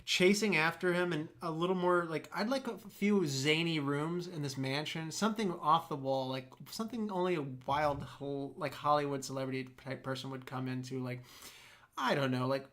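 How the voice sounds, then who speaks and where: Excitable rambling male podcast host. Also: on the high side, moderate pace. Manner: enthusiastic, rambling with many "like" fillers. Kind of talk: casual movie discussion.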